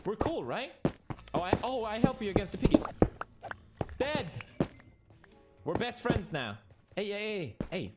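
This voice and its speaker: A young man streaming a game, giving playful, jokey commentary and talking to the characters on screen. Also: mid-range voice. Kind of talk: gameplay commentary.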